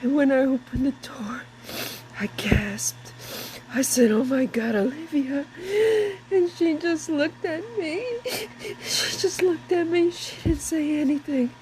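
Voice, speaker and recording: Woman, grieving mother, crying, slow, halting, repeats herself. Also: high-pitched, steady tone, a little mellow, a little hiss or hum, poor audio. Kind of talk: tearful personal account.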